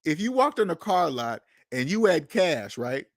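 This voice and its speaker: A man hosting a casual talk show, telling stories in an animated, profane way, laughing at himself and acting out what others said. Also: a little high, normal speed, no echo, clean studio sound. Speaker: podcast host. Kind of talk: casual storytelling monologue. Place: Seattle.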